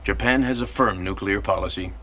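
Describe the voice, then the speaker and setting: A man's voice: low-pitched, fairly quick, bright, forceful tone, slight background noise. An actor playing a stern government official who firmly states his nation's policy in a dubbed film clip. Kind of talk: dramatic film dialogue.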